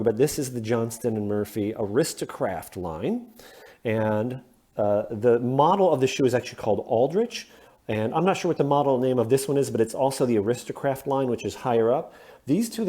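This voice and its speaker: A man's voice: mid-range voice, warm tone. A man from the Midwestern United States, casually explaining things step by step and often checking in with "okay?". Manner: plain-spoken, explains step by step with frequent "okay?" check-ins. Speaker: shoe hobbyist host.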